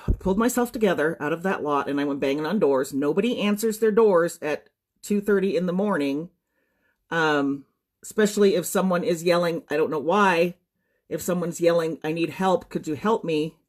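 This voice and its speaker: A woman giving a personal testimony straight to her viewers. She is shaken and fights to keep her composure, with many pauses and ums. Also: fairly low pitch, darkish tone. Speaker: social media storyteller.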